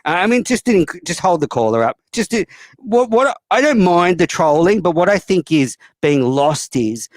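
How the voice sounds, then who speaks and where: A man's voice: high voice, big pitch swings, normal speed, no room sound. A man hosting a call-in show, talking bluntly and profanely with plenty of fillers. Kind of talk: casual call-in chat.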